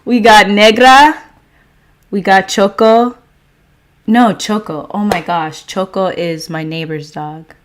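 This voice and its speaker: A woman hosting a spiritual livestream, greeting viewers by name and guiding a meditation with calm, gentle affirmations. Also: on the low side, slow, slight background noise. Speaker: livestream host and meditation guide. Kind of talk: casual livestream chat and guided meditation.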